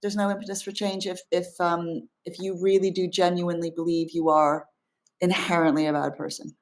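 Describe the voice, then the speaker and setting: A woman's voice: lowish voice, level tone, brisk. A middle-aged woman speaking as an interview guest, earnest and reflective, with frequent fillers and restarts. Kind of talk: casual conversational interview.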